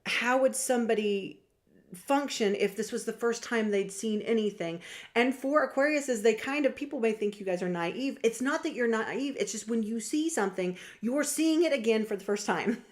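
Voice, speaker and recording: A young woman talking casually to her viewers about star signs, chatty and lively, often acting out what other people say. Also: fairly high pitch. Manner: chatty, animated, acts out quoted voices. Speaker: astrology vlogger and reader. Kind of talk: casual talk to camera.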